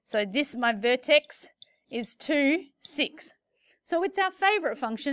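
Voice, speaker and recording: A woman's voice: high voice, lively intonation, a little slow, a bit bright, dry recording, studio quality. A woman teaching maths in a recorded lesson, playful and chatty with jokey asides.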